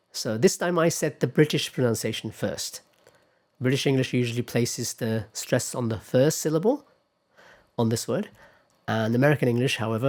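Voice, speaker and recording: A man's voice: mid-range voice, darkish tone. A man giving a classroom lecture on pronunciation, patiently explaining step by step and putting questions to his students.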